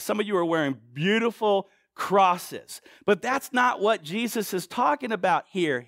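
High, gravelly-voiced male preacher. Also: fairly bright tone, no room sound, clean studio sound. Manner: conversational, asks the crowd questions, quick asides. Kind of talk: sermon to a congregation.

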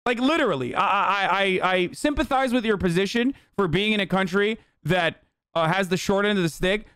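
A man's voice: sits high, animated, normal speed, fairly bright tone, smooth, no echo, clean studio sound. A man streaming live, ranting at a chat comment in a heated, profane, exasperated way. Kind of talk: livestream rant reacting to chat.

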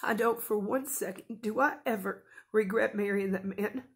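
A woman's voice: medium pitch, moderate pace. A woman in her thirties talking casually and earnestly to camera in a home vlog, rambling at times and openly emotional. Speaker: vlogger.

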